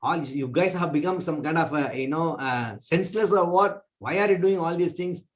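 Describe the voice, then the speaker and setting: A man's voice: fairly high pitch, normal speed, natural voice. A man voicing an irritable Brahmin priest in a told story, with indignant, exclaiming questions. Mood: irritated. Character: proud middle-aged male Brahmin priest, easily irritated.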